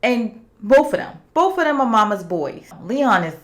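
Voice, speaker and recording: A woman at an ordinary mid pitch gives a casual, opinionated recap of a series finale. She talks straight to her viewers and slips into the characters' lines as she retells each scene. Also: expressive, normal speed, few pauses, a bit bright. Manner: chatty and opinionated, with asides to viewers. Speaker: TV series reviewer.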